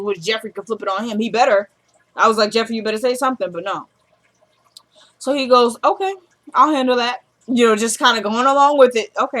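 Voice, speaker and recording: A woman's voice: mid-range voice, a bit bright. A woman casually recapping a TV drama episode, acting out the characters' lines as she retells each scene. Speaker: show recapper.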